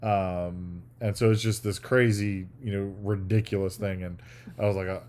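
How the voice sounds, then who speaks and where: A man with a lowish voice co-hosts a podcast in easy casual chat. He rambles through his thoughts and now and then slips into playing out the scenes he describes. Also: flat delivery, moderate pace, a little mellow. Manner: rambling, acts out quoted scenes. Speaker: podcast co-host.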